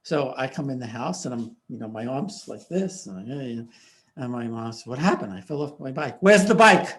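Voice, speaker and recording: A man's voice: medium pitch, moderate pace. A middle-aged man hosting an interview, telling easygoing anecdotes with lots of fillers. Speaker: podcast host. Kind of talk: casual interview chat.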